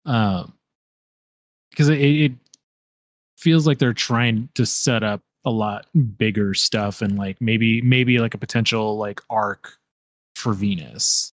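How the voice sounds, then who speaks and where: A man's voice: fairly low pitch, slow pace, dry recording, studio quality. A man co-hosting a casual podcast chat, rambling with frequent restarts and fillers. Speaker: podcast co-host.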